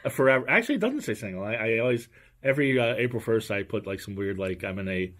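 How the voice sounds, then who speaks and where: A man's voice: on the low side, lively intonation, fast, fairly bright tone. A man hosting a casual talk show in a joking, rambling way. He trips over his words and restarts his sentences often. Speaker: podcast host. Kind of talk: casual chat.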